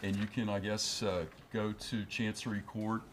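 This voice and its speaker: Low-voiced attorney explaining the law. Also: male voice, little pitch movement, moderate pace, slight background noise. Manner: explanatory, with many fillers and restarts. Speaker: attorney guest. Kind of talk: news studio interview.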